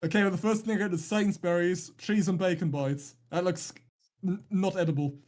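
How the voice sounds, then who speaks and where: Male stream caster, slightly higher voice, dry teasing banter. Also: a little fast. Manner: teasing, deadpan jokes, rambling restarts. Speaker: esports caster. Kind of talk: casual live-stream banter.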